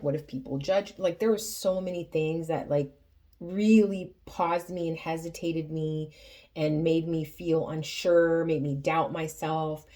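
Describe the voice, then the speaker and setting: A woman reads tarot cards for her viewers in a slow, unhurried voice that sits a little low. She speaks earnestly and with feeling, often stopping to restart a thought. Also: darkish tone. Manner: earnest, emotional, halting with many restarts. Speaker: tarot reader. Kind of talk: spoken tarot reading.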